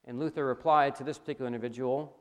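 A man preaching a sermon, talking straight to his audience with animated emphasis. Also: mid-range voice, racing, clear, resonant tone. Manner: animated, rising emphasis, addresses audience directly. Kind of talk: sermon lecture.

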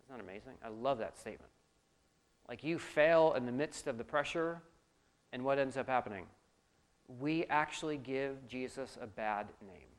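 A man preaching a sermon as a pastor, animated, swinging between loud emphasis and quiet asides. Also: mid-range voice, moderate pace.

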